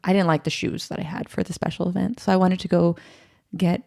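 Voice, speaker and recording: Female podcast guest, low gravelly voice, candid storytelling, emotional. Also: flat delivery, a little fast, warm tone, no room sound, studio quality. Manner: emotional, quotes others in her retelling.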